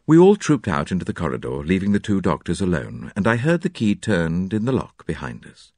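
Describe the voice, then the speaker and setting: Male narrator for a detective audio story; lowish voice with lively, swinging pitch. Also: brisk, hardly any pauses, dry recording, studio quality. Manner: expressive, varied delivery.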